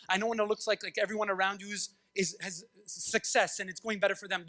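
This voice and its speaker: A male pastor preaching a lively sermon in a church, acting out voices and swinging from loud outbursts to hushed tones. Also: sits high, fast talker, hardly any pauses. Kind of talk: animated sermon. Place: church sanctuary.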